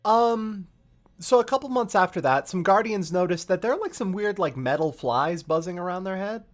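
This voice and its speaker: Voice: mid-range voice, animated, moderate pace. A streamer giving a casual, rambling and profane story recap with lots of fillers.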